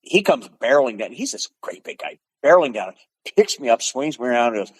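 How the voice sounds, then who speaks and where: A man in his seventies from the Pacific Northwest, a podcast guest telling animated stories in conversation, punctuated with sound effects. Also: medium pitch, a little fast, husky, no echo, rough recording. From Pacific Northwest, USA. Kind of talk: storytelling in conversation.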